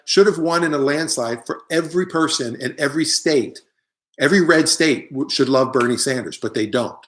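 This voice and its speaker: A middle-aged man with a plain, mid-pitched voice, holding forth in a loose comic monologue. He rambles from point to point, tosses off wry asides and answers viewers as he goes, talking casually, like someone hosting his own live stream. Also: a bit bright. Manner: rambling, opinionated, jokey asides. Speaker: comedian hosting a live online show.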